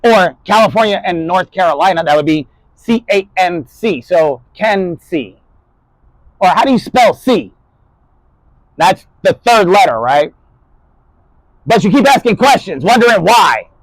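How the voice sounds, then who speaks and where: High-ish guy rambling spoken word, cussing, topic jumping, dry close mic. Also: expressive, a little slow, long pauses, dry recording, poor audio. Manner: rambling, jumping topics, swearing, shifting loudness.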